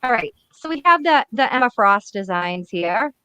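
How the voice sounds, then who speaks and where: A woman hosting casual comic commentary on a webcam, blunt, profane and excitable. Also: a little high, moderate pace, clear, resonant tone, no echo. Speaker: comic reviewer host.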